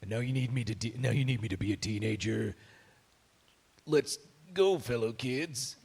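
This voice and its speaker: A man's voice: mid-range voice, normal speed, gravelly, darkish tone, slightly rough. A man putting on a fed-up voice actor. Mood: exasperated. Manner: mock-exasperated, sarcastic. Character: grumbling male voice actor, fed up.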